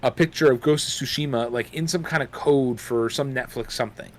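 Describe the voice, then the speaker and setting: A man's voice: mid-range voice, a little fast. A young man co-hosting a casual gaming podcast, rambling with lots of fillers while chewing gum. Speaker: podcast co-host.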